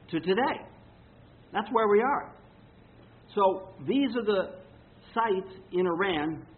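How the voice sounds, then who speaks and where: A man teaching a sermon-style Bible talk, conversational and emphatic, checking in with his listeners as he reads quotes with dramatic stress. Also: a little high. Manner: conversational, checks in with rhetorical "okay?". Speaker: preacher teaching on prophecy. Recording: tinny phone-like lo-fi sound.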